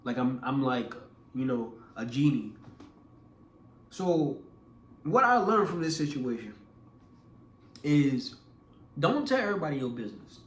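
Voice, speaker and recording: Speaking at a measured pace with long pauses, a young male vlogger with a mid-range voice shares a casual personal story in a reverberant recording. He animates it by performing other people's voices, frequently repeating words and starting over.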